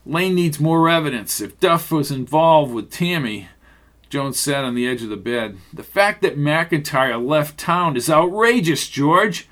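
A man narrating a mystery radio drama in a steady storytelling manner and voicing the detective. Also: a little high, unhurried.

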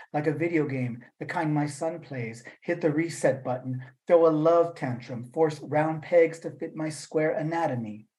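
A man's voice: on the high side, darkish tone, rough recording. Man reading his poems over a video call. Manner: measured reading, then loose rambling talk with fillers. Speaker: poet reading his work. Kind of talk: poetry reading and talk at a virtual event.

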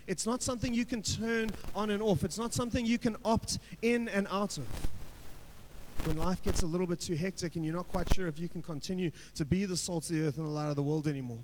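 A man's voice: high voice, a little hiss or hum. A male pastor preaching a sermon in a conversational way, checking in with the congregation and building to emphatic passages. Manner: conversational preaching with frequent "right?" check-ins.

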